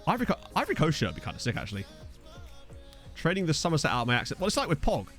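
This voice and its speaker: Chatty man from Essex with lively pitch. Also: rapid-fire, soft background music. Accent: Essex English. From Essex, England. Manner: chatty, reads chat aloud, jokey asides. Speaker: streamer. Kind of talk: casual live-stream game commentary.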